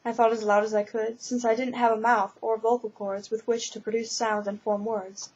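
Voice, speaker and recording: A woman reading her own first-person ghost story in an earnest, steady amateur style, on a slightly dull lo-fi recording. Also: a little high, moderate pace, husky. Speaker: narrator.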